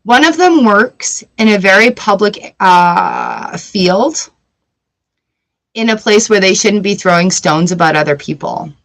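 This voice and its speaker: A woman's voice: medium pitch, lively intonation, unhurried, fairly bright tone, low-quality recording. A middle-aged woman hosting a casual live tarot reading, chatty and given to giggling as she talks to viewers. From Canada. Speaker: tarot reader livestream host.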